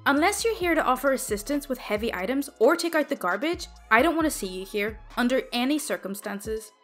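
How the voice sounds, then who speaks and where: Girl doing a snippy bossy customer service boss lady, high voice, faint music behind. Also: lively intonation, fairly quick, fairly bright tone. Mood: condescending. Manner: curt, bossy. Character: condescending woman head of customer service.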